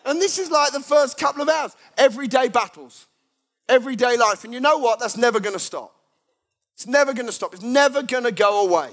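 A man's voice: very high voice, fairly quick. A man preaching a humorous sermon, acting out everyday characters as he tells stories to a congregation. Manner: animated storytelling, acts out everyday characters.

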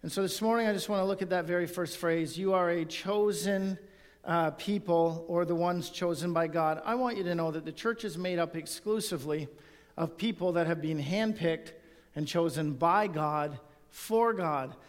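A man's voice: fairly high pitch, moderate pace, long reverb tail. A male pastor preaching a sermon and reading scripture aloud, in an earnest tone.

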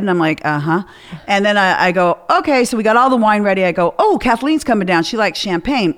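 A woman hosts a casual podcast chat. Her pitch swings widely as she tells her stories. She acts out each person she quotes. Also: fairly quick. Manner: animated storyteller, acts out quotes. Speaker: podcast host.

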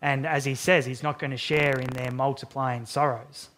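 A man's voice: medium pitch, flat delivery, normal speed, a bit bright. A man, a pastor, praying and then reading and unpacking a psalm verse by verse in an earnest, emphatic sermon. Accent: Australian.

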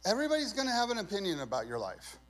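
A man with a fairly high voice preaches a sermon in a relaxed, conversational way. He stresses his key points and keeps throwing questions out to the congregation. A faint mains hum runs under the recording. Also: racing, low-quality recording. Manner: conversational, emphatic, asks the crowd questions. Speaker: pastor.

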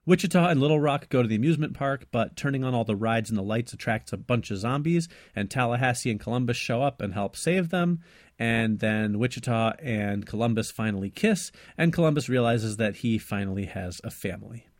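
A man's voice: medium pitch, animated, a little fast, dry recording. Enthusiastic man recapping a movie, dry sound. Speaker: podcast co-host. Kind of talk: casual movie podcast chat and recap.

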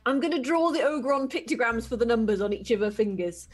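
Brief: woman, high and very animated, joking tabletop player. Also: breathy edge. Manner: animated, joking, quick to laugh. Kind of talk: casual tabletop game chat.

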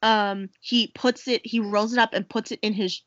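A young woman co-hosting a podcast, chattily recapping a movie with quick acted-out quotes. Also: mid-range voice, fairly even intonation, a bit bright, no echo, lo-fi sound. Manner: chatty, quick quoted voices, laughs often. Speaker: podcast co-host. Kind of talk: casual chat recapping a movie.

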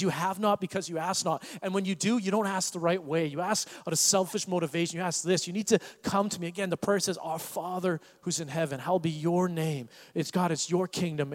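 A man preaching a sermon as pastor, animated and acting out the voices of Bible figures. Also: a little high, a little fast, hardly any pauses, big-room sound.

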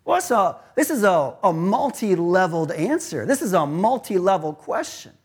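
A man's voice: high-pitched, big pitch swings, normal speed, husky. A male pastor preaching a conversational sermon and asking rhetorical questions.

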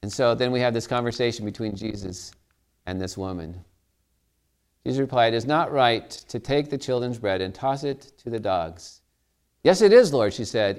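A man's voice: on the high side, smooth. A man preaching a sermon as a pastor, telling stories in a conversational way and asking his listeners questions.

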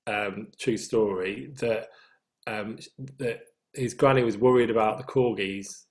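A man's voice: fairly low pitch, steady tone, measured pace. A man with a Northern English accent, a singer telling anecdotes as an interview guest and laughing at his own stories. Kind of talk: casual anecdotal chat.

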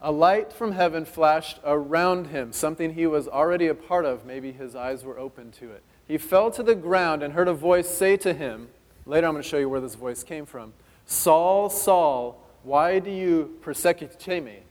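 A man from California preaching a sermon in a church, reading Scripture aloud and breaking off for quick conversational asides. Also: fairly high pitch. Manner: fast-talking, conversational asides while reading. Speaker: pastor. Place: church sanctuary. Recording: long hall reverb.

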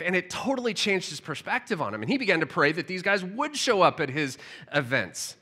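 A man preaching a sermon with animated storytelling, often repeating words as he restarts. His voice is bright and forceful, a touch high for a man. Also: brisk. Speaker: pastor.

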